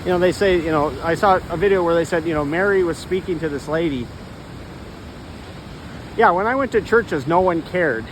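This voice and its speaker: A man rambling in a casual walk-and-talk monologue on a trail, halting and restarting often, recorded on a phone. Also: a little high, background noise. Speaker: vlogger. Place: outdoors on a trail.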